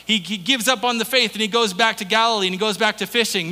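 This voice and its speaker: Bright-voiced male pastor preaching. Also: high voice, quick pace, big-room sound. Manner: conversational storytelling preaching. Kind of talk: sermon.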